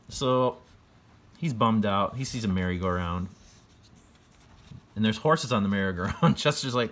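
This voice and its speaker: A man's voice: lowish voice, animated, normal speed, long pauses, fairly bright tone, a little hiss or hum. A man casually retelling a picture book in his own words, rambling with fillers and chuckling often. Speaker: book reader.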